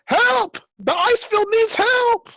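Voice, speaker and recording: A frail, bearded old man in a full panic, pleading at the top of a thin, cracking register. He shouts in frantic bursts, high and strained. It is a tabletop game voice, pitched far above the speaker's own. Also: slow, vocal fry, dry recording, heavily acted.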